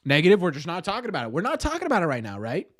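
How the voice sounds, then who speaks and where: Young male streamer host, excitable and self-deprecating, lively pitch swings. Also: racing. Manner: excitable, self-mocking banter with chat. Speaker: livestream host. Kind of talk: casual live watch-party chat.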